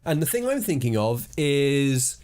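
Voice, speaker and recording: A man co-hosts a casual podcast, spinning an improvised story and explaining things at length. He talks in an animated way and laughs easily. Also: mid-range voice, a little slow. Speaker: podcast co-host.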